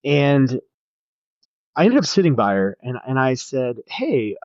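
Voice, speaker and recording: A man's voice: medium pitch, big pitch swings, a little slow, no echo. A man with a mid-range voice tells a personal story as a pastor on a podcast, earnest and reflective, circling back and restarting his phrases. The sound is dull and a little lo-fi, close and dry with no room around it.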